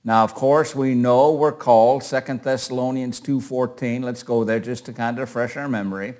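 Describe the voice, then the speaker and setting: A man's voice: medium pitch, steady tone, normal speed, a little mellow. An older man teaching a Bible class in a conversational way, asking questions and calling on readers.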